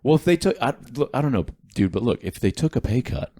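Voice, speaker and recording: A middle-aged man co-hosting a podcast, talking in an animated, profane way and often cutting across his partner. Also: mid-range voice, quick pace. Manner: animated, swearing freely, talks over his partner. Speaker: podcast co-host. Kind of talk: casual chat.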